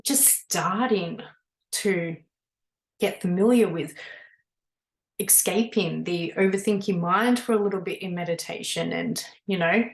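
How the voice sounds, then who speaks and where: A woman, a spiritual mentor, telling her own story in an earnest, animated way with lots of casual fillers. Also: lowish voice, measured pace, vocal fry. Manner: earnest, animated, many "you know" fillers. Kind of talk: personal storytelling monologue. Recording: echoey room.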